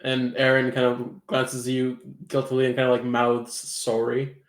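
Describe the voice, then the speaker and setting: A man running a tabletop role-playing game, narrating scenes in a relaxed, casual way. His voice sits at a middle pitch, and the room adds a clear echo. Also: normal speed. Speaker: game master. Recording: roomy echo.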